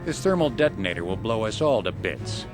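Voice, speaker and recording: An actor playing a cold, threatening bounty hunter in a video game. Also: male voice, lowish voice, very animated, a little fast. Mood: defiant. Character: cold male bounty hunter, deadly and eager. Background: loud game music.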